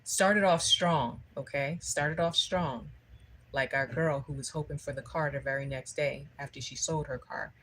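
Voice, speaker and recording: A woman's voice: low voice, moderate pace, a bit bright, husky, poor audio. A woman giving a spiritual livestream talk, telling a story conversationally and often checking in with her listeners. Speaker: spiritual speaker.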